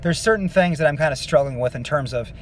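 A man giving a casual singing lesson, explaining vocal technique in a relaxed, rambling way with many fillers. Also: on the high side, fast, slight background noise. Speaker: vocal coach.

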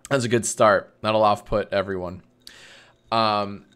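A man's voice: fairly low pitch, fairly even intonation, measured pace, fairly bright tone, smooth. A man hosting a casual livestream, talking in a sarcastic, joking way with plenty of swearing into a desk mic. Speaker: livestream host.

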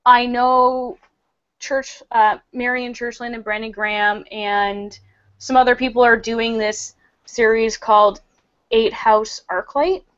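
A woman's voice: fairly high pitch, fairly even intonation, slow pace, fairly bright tone, clean tone. A woman hosting a casual book club over a video call from a room at home, chatty and full of fillers. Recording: muffled video-call audio.

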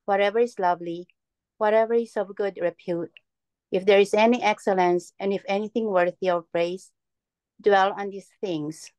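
A woman's voice: medium pitch, a little mellow, clean tone, no room sound. Woman reading scripture aloud. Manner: careful, earnest reading. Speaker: class member reading scripture.

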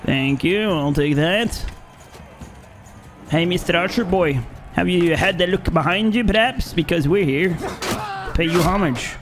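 A man with a high voice narrates his gameplay, mocking the enemies he fights and breaking into short shouts in combat. He is not an English speaker. Clear game music plays under his voice. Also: unhurried, pauses often. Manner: playful trash talk at enemies. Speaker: gaming YouTuber. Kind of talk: gameplay commentary. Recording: game music playing behind.

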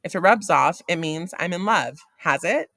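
A man's voice: sits high, animated, normal speed, creaky, sharp tone, no room sound, exaggerated voice. A man voicing a curious, dreamy teenage girl in a read-aloud of a novel. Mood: playful.

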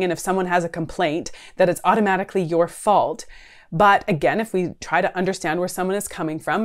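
A woman counsellor in her thirties talks earnestly to camera, her voice sitting a touch low for a woman. She speaks in a conversational way, checking in with the listener and leaning on casual fillers. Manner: earnest, conversational, frequent "right?" and "like". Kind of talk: talking-head advice video.

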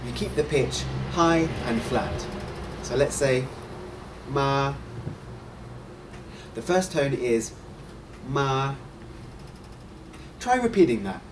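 A man hosting a scripted Mandarin lesson, explaining clearly and encouraging the listener to repeat. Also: mid-range voice, recorded from a distance, background noise. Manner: clear, encouraging, models sounds slowly. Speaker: host and Mandarin teacher.

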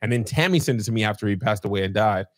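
A man with a lowish voice races through a story on his podcast. He's an animated narrator in casual talk, performing the quoted lines himself.

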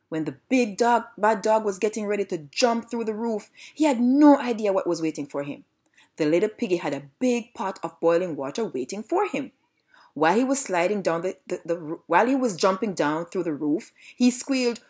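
A woman with a Jamaican accent reads a children's storybook aloud. Her pitch sits mid-range but moves animatedly. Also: a little fast, husky. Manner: lively read-aloud narration. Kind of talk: storybook reading.

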